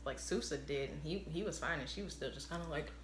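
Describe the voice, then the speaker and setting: A woman's voice: sits low, fast talker, slight background noise. A woman chatting through a casual spoiler recap of a TV episode, rambling and leaning on "like" and "obviously". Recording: roomy echo.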